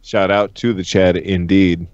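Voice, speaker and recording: A low-pitched man co-hosts a loose livestream podcast, teasing and cursing freely. His voice comes through dull and lo-fi, with a close, dry sound. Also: flat delivery, a little slow, a little mellow, no echo. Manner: joking, profane, ribbing his co-hosts. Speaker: podcast co-host. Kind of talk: casual chat on a livestream podcast.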